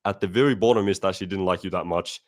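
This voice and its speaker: A man's voice: deep voice, fast. A man hosting a casual podcast chat, emphatic, often calling his guest "bro".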